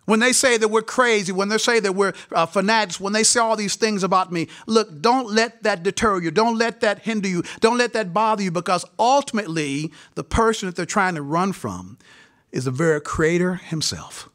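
A male preacher with a high, bright, forceful voice delivers a fervent sermon. He drives his points home by repeating phrases and speaking directly to the students in front of him. His delivery is passionate and insistent throughout. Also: moderate pace. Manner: impassioned, repetitive preaching with emphatic direct address. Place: seminary gathering.

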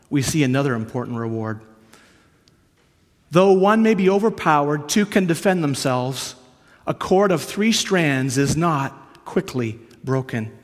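A man from Canada preaching a sermon, earnest and storytelling, moving between hushed and emphatic. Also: mid-range voice. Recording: long hall reverb.

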